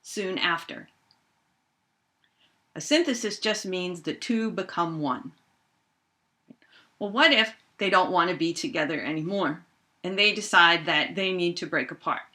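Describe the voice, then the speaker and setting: Middle-aged teacher lady explaining reactions w toy bears, very expressive, bright clear voice. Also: unhurried, long pauses. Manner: animated, acts out toy bears in squeaky voices. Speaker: high school chemistry teacher. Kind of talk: playful classroom lesson with toys.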